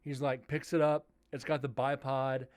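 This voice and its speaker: A man's voice: medium pitch, flat delivery, moderate pace, clear, resonant tone. A man hosting a live stream, casually telling a story and acting out both sides of the dialogue.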